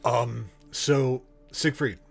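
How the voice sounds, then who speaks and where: A man's voice: medium pitch, very slow, vocal fry, husky, soft background music. A man playing in a tabletop game, talking in a hesitant way full of fillers and restarts. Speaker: player. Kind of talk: casual tabletop game talk.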